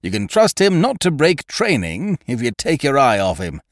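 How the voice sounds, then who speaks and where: In a clean studio recording with no echo, a man of medium pitch plays a loud, scheming young fellow bursting with grand plans. His pitch swings wildly at a normal pace, and he sounds exuberant, hearty and breezy, calling people "old horse" and "laddie."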